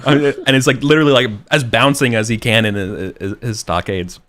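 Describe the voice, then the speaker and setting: A man's voice: mid-range voice, fairly even intonation, brisk, a bit bright. A man running a tabletop role-playing game as game master, narrating loosely with many fillers. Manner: rambling, filler-heavy narration.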